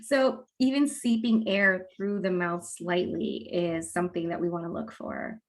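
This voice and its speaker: Animated woman explaining as a guest expert. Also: on the low side, unhurried. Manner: animated, acts out quoted parents with laughs. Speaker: guest expert on mouth breathing. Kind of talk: casual explanatory interview answers.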